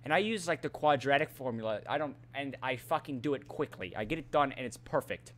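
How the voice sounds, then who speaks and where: A man's voice: mid-range voice, lively intonation, brisk, fairly bright tone. A teenage boy venting in an angry rant about school, profane and exasperated, often stumbling over his words and restarting. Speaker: student venting on a vlog.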